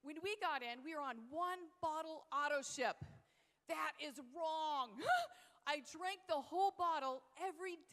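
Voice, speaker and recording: A woman giving an energetic, enthusiastic motivational speech on stage, repeating her catchphrases. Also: sits high, moderate pace. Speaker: motivational business speaker. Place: large convention hall. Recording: long reverb of a big hall. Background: hall reverb.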